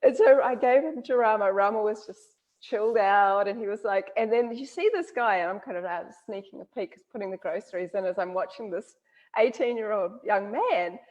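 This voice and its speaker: A woman with a New Zealand accent hosting an interview, telling lively stories and laughing often. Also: medium pitch, moderate pace, dull audio. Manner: animated storyteller, laughs often. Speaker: interview host. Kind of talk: casual conversational interview.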